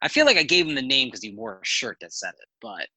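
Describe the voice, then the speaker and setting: A man with a very bright, forceful voice tells loose, rambling stories as a podcast guest. He talks casually, swears freely and jumps between thoughts. The sound is dry and close, with no room around it. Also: mid-range voice, quick pace, dry recording, low-quality recording. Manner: animated, rambling anecdotes with profanity. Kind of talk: casual storytelling chat.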